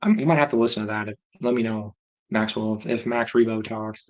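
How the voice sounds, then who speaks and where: A man's voice: fairly low pitch, fairly quick, darkish tone, poor audio. A man hosting a livestream, chatting casually and rambling as he reacts aloud to viewer comments. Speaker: livestream host.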